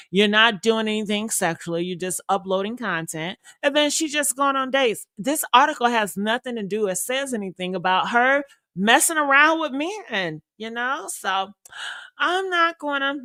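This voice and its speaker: A woman's voice: mid-range voice, pushed and bright, no room sound, clean studio sound. Chatty woman hosting a gossip show. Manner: chatty, fills with "you know". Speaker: podcast host. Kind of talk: casual gossip commentary.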